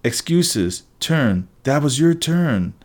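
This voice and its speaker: A man's voice: on the high side, very animated, slow pace, a little mellow, voice pushed up. A man voicing a squabbling, blind old crone with a screechy voice. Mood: shrill.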